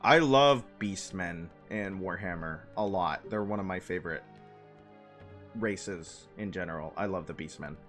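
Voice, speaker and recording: A man streaming a game, chatting casually and rambling excitedly through quick asides. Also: low-pitched, soft background music. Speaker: gaming streamer. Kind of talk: casual gameplay chat.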